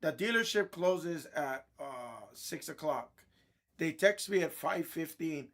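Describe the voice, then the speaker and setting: Guy venting about a dealership visit, kinda high voice, blunt and annoyed, keeps clearing his throat. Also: animated, takes it slowly, fairly bright tone. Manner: irritated, blunt anecdote telling with frequent throat clearing. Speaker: box break host. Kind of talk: casual storytelling chat.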